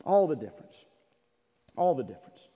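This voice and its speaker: Preacher guy, high voice that swoops all over, big hall echo, goes from shouting to near whisper. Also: very animated, moderate pace, breathy edge, dull audio. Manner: impassioned preaching, voices God's words, swings from shouting to hushed. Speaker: pastor. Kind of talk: sermon. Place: church sanctuary. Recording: long echo of a large hall.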